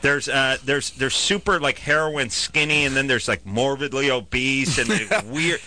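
A man with a very bright, ringing voice hosts a crude call-in radio show. He jokes bluntly and laughs a lot, at an average pitch. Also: moderate pace. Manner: joking, blunt, laughs often. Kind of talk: crude comic call-in banter.

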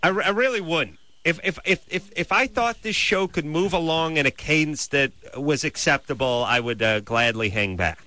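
A man hosting a call-in radio show from a studio, nasal and wordy, arguing his points in a deadpan way. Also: fairly high pitch, normal speed, few pauses. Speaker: radio host. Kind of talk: late-night call-in radio banter. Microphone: studio mic.

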